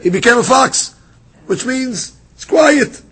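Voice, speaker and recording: A man teaching a daily Talmud class, reading passages aloud and retelling them as a lively story. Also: very high voice, takes it slowly, breathy edge. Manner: lively storytelling, reads Aramaic then explains in English.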